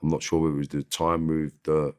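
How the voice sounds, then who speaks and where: A man with a very deep voice, telling blunt, slangy stories about his past as an interview guest. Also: level tone, fairly quick, a little mellow. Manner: blunt, swears freely, slangy. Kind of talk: casual storytelling.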